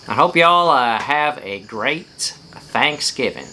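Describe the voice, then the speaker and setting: A man giving a folksy devotional talk outdoors on a front porch, unhurried, stretching his words and using fillers. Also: medium pitch, expressive, pushed and bright, a little hiss or hum. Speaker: devotion speaker.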